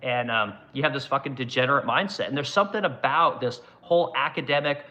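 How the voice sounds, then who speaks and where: A man's voice: mid-range voice, quick pace, pushed and bright. A man hosting his own show, ranting bluntly with constant swearing while reading and answering viewer comments. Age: adult, runs business ten years. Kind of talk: casual profane commentary.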